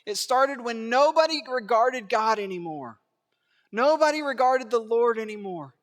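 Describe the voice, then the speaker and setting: A man preaching a sermon in a church, swinging between hushed asides and raised emphatic lines, chuckling and asking rhetorical questions. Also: very high-pitched, animated, moderate pace, big-room sound. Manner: acts out biblical quotes in character voices. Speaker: pastor. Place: church sanctuary.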